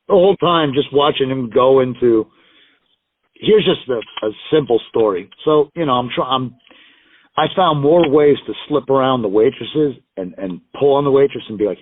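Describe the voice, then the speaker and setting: A man's voice: medium pitch, moderate pace, dry recording. A man guesting on a wrestling show, telling rambling, profane road stories and acting out other people's lines. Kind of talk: casual storytelling interview. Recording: tinny phone-line call audio, dry.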